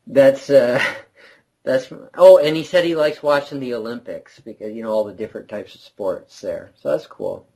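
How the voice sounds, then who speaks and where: A man's voice: medium pitch, normal speed, vocal fry, dark tone, a little hiss or hum, poor audio. A man co-hosting a casual late-night podcast, rambling, trailing off and laughing often. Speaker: podcast co-host.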